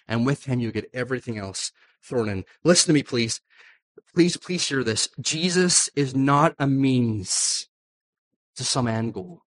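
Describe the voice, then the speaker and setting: A man preaching a church sermon, earnest and pleading, slowing down on key phrases and building to loud climaxes. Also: medium pitch. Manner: impassioned, pleading, voice rising to climaxes. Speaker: pastor.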